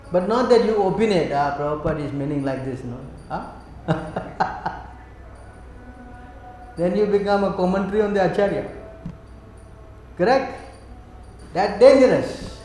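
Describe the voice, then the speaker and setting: A man's voice: high voice, warm tone. A man giving a scripture class as a spiritual teacher. He speaks emphatically and keeps quizzing his listeners. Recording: very echoey room.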